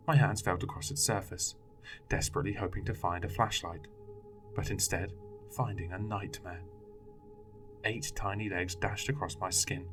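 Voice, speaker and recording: Man, very deep voice, scripted horror narration, measured, faint music bed.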